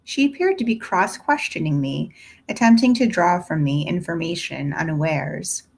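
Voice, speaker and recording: A woman reading a classic novel aloud in the first person, steady and deliberate. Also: fairly low pitch, vocal fry, breathy edge. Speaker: audiobook narrator. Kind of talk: scripted narration of a classic novel.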